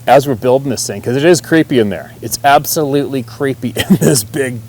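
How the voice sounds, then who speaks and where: A man's voice: mid-range voice, fairly quick, darkish tone, a little hiss or hum. A man telling a hunting story in a rambling, folksy way, swearing casually and chuckling often. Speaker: hunter.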